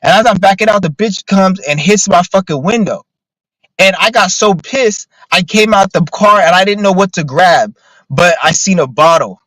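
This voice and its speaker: A man's voice: sits high, normal speed, fairly bright tone, no room sound, low-quality recording. A man ranting casually on a livestream, profane and rambling with lots of filler words. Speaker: streamer.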